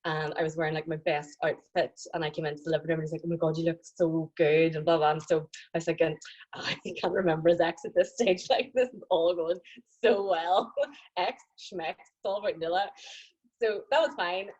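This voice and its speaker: A young woman with a Northern Irish accent telling a personal story over a video call, animated and laughing often. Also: low-pitched, brisk, highs cut off. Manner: animated, laughing, acting out quoted voices.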